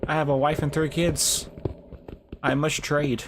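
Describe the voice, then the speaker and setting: A man voicing a meek male trader creature from a block game who begs not to be hurt, in a whiny voice pitched above his own. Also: little pitch movement, unhurried, noisy background, close to an everyday voice. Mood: pleading. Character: pleading male wandering trader mob, meek.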